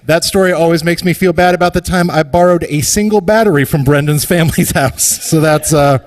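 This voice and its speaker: A man's voice: fairly high pitch, a little fast, big-room sound. A man hosting a live comedy show, telling a rambling, profane, self-deprecating story and introducing acts on stage.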